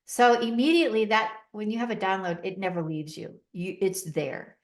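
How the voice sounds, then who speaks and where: A woman's voice: mid-range voice, normal speed. A middle-aged woman telling a personal story as a podcast guest, recounting events vividly and acting out the dialogue with emotion.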